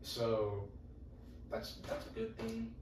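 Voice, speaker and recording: A man's voice: a little high, big pitch swings, slow, noisy background. Blunt, profane young man, roomy mic. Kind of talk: casual chat. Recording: echoey room, mic at a distance.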